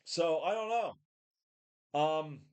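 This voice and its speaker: A man's voice: a little high, lively intonation, drawn-out words, smooth. A man in his forties rambles to his webcam in a home gym, blunt and worn down. He swears freely, sighs often and trips over his own restarts. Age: 40s. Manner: blunt, profane, weary, full of sighs and restarts. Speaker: vlogger. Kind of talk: casual rambling talk to a webcam.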